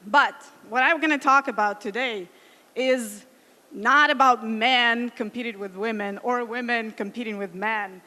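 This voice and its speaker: A woman in her thirties speaking on a conference stage. Her voice sits somewhat high, and it rings with the long reverb of a large hall. She talks earnestly, in careful second-language English, with many fillers and restarts. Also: bright, forceful tone. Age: 30s. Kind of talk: conference talk.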